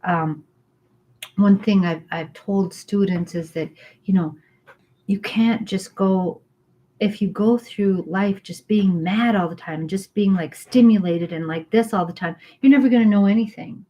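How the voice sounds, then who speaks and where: A woman with an ordinary mid-range voice chats easily with a friend. When she reads aloud she slows into a calm, measured delivery. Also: mid-range voice. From Irish heritage, not accent. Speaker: co-host reading spiritual texts. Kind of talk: casual chat and reading aloud.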